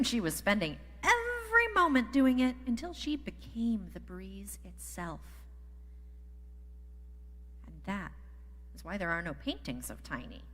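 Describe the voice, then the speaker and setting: A woman reads a story aloud in a church service, slow and soft, coming back again and again to a calm refrain. Her voice sits a bit low. It rings through a sanctuary with a long reverb. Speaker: story reader in worship service. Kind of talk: slow gentle story reading to children.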